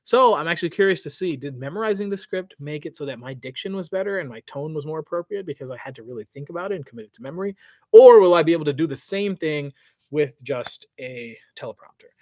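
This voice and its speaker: A man hosting a casual livestream Q&A outdoors, talking in a slangy, animated way that trails off at the ends of phrases. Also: on the high side, quick pace, no room sound, clean studio sound. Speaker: host. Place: outdoors by parked cars.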